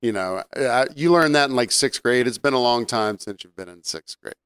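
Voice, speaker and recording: A man co-hosting a podcast in laid-back casual chat, who laughs often and now and then clears his throat. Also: mid-range voice, moderate pace, fairly bright tone, no echo, clean studio sound. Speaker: podcast co-host.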